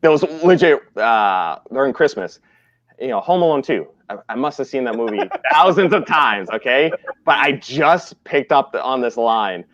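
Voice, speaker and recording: A man's voice: medium pitch, expressive, moderate pace, fairly bright tone, dry recording. A man, a movie critic, chatting casually on a livestream in a laid-back, rambling way. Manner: laid-back, rambling with fillers like "you know". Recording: slightly muffled lo-fi audio.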